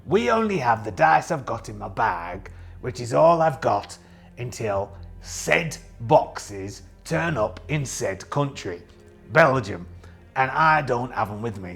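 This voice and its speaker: A man's voice: mid-range voice, creaky, a bit bright, exaggerated voice. A man playing a young, boastful pirate captain who rambles as he runs a solo tabletop game and answers his own questions. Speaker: host and solo game player.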